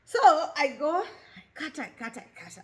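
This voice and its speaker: A Kenyan woman in her thirties hosts a talk show, giving a candid personal monologue in a high-pitched, sing-song voice with a fairly bright tone. She speaks openly and expressively at a moderate pace, mixing English with Swahili.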